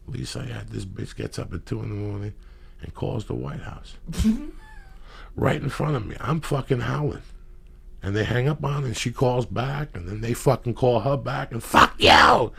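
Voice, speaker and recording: A man hosting a podcast, telling profane comedic stories in rambling anecdotes with loud bursts of emphasis. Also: medium pitch, normal speed, gravelly. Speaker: podcast host.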